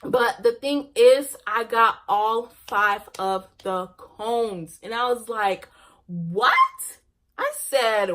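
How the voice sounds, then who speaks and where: A woman's voice: a little high, expressive, slow pace, a bit bright. A young woman vlogger telling a casual personal story, laughing often and ending on a faith message.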